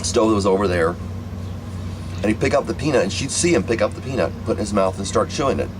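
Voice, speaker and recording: Low-voiced rambling man telling a story. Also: lively intonation, fast talker, noisy background. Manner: rambling, repetitive, many restarts. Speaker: vlogger telling a family story. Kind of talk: casual storytelling monologue.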